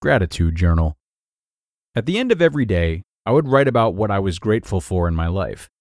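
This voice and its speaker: Lively low-voiced man reading aloud. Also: no room sound, clean studio sound. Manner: earnest, measured reading. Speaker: podcast host. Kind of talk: reading a blog post aloud, then commenting.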